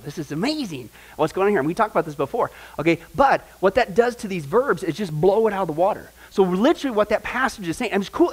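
A middle-aged man leads a Bible class. His voice sits high for a man, and he teaches in an animated way, checking in with his students through frequent questions. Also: rough recording.

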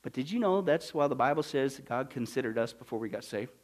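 A male pastor preaching a sermon, swinging from hushed, low lines to loud, emphatic ones. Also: lively intonation, a little fast.

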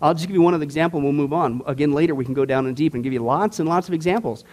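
A man's voice: on the high side, racing, darkish tone. A man teaching a Bible study class in a casual, emphatic way, cracking jokes and asking the group questions.

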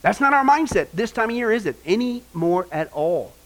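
A male pastor preaching in a very high, animated voice that leaps up and down. He talks casually to the congregation, tossing them questions and waiting for answers. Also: normal speed. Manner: lively, quizzes the congregation. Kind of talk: sermon.

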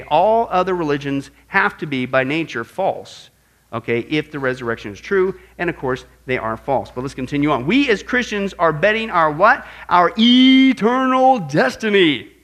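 A man teaching a sermon-style apologetics lesson as pastor, emphatic and animated, often asking his listeners questions. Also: mid-range voice, normal speed. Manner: emphatic, animated, asks audience rhetorical questions.

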